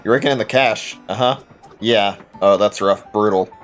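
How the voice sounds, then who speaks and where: A man's voice: lowish voice, moderate pace, faint music behind, close to an everyday voice. A man voicing a chatty, nosy male cat traveler from a video game in breezy, teasing banter.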